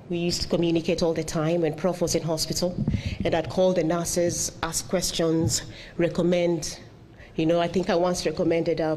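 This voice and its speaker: A middle-aged woman giving a memorial tribute speech, halting and heartfelt, with many pauses and fillers. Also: lowish voice, a little mellow, a little hiss or hum. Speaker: eulogy speaker.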